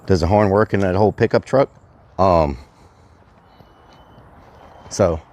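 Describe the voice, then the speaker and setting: A man's voice: low voice, slow, pauses often. Chatty man livestreaming outdoors. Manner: chatty, excitable, addresses viewers as y'all. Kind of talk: casual outdoor livestream chat. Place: outdoors at a rural property.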